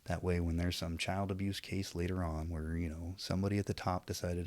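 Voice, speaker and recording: Brisk and flat in delivery, a male vlogger with a fairly low, slightly mellow voice rambles to camera about his opinions. He's preachy but self-aware, slipping into wry asides, and the audio is dry and close with no echo.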